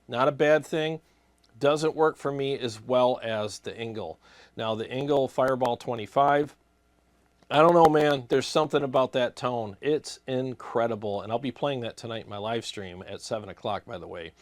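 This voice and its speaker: Man host answering comments, loose and rambling, dry close recording, mid pitch. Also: moderate pace, no room sound. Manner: casual, rambling, with many fillers and restarts. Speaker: guitar gear channel host. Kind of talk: casual chat answering viewer comments.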